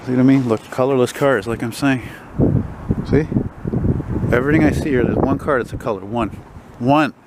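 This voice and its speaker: A man's voice: medium pitch, moderate pace, pauses often, very noisy. A man rambling and swearing as he films a walking vlog on a city street with a handheld camera. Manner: rambling, profane, wry asides. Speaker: vlogger.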